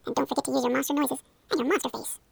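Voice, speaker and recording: Coaxing the listener along, a young woman runs a playful hypnosis role-play in a fast, high voice that's gravelly and heavily fried. She keeps a steady tone, and the sound is dry and close with no echo.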